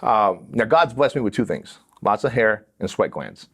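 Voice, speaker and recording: A man's voice: lowish voice, moderate pace, creaky. Middle-aged guy telling a wild story on his podcast, swears a lot, does everyone's voices. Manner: animated, profane storyteller acting out voices. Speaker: podcast host. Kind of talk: casual storytelling. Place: podcast studio.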